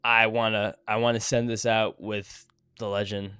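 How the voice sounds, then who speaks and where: A man co-hosting a sports podcast, excitable and profane, talking in quick bursts into a close mic. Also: on the low side, smooth, no room sound. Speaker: podcast co-host. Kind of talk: excited casual chat.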